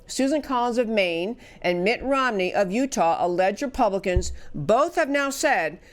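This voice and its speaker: A woman hosting a political talk show, delivering an emphatic, indignant commentary monologue with restarts and stumbles. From United States. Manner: emphatic and indignant, voice rising high on outrage; spells out words and stumbles into restarts.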